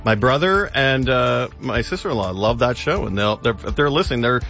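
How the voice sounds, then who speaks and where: A man reviewing films in relaxed, halting radio chat. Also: medium pitch, creaky, soft background music. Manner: relaxed, halting, chatty, with fillers. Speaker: film reviewer on a radio show. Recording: dull, dry studio radio sound.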